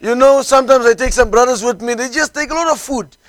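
A man preaching a sermon, peppering his phrases with hallelujah and amen, swinging from calm storytelling to fervent shouting. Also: extremely high pitch, fast talker, no echo.

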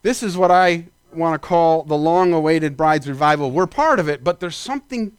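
A man preaching a sermon as pastor, climbing into shouted peaks and then dropping into quick asides. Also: a little high, smooth, no room sound.

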